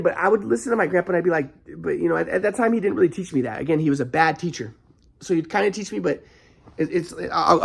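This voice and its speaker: Gravelly man rambling in a monologue. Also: fairly high pitch. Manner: rambling, halting, frequent restarts; flares into anger. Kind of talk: casual monologue vlog.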